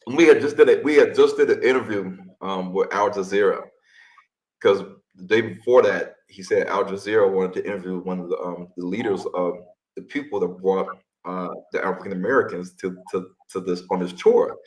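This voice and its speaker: A man, a tour leader, telling a story in a casual, animated way, often repeating words and acting out what people said. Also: low-pitched, a little fast. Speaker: tour leader and guest speaker. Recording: echoey room.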